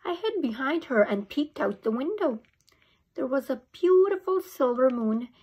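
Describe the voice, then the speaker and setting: A woman teacher reading a chapter book aloud to young students, expressive. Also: sits high, measured pace, slightly rough. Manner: expressive storytelling. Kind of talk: read-aloud for children.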